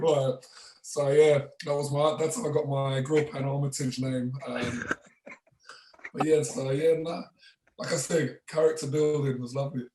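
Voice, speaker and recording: A man spinning laid-back stories as a podcast guest, chuckling often and slipping into the voices of the people in his tales. His voice sits at a middling pitch. It sounds roomy and a bit off-mic, as if recorded some distance from the microphone in an echoey space. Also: unhurried, slight background noise. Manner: relaxed, chuckles often, acts out others' lines. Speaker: podcast guest, former rugby player. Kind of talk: casual anecdote storytelling.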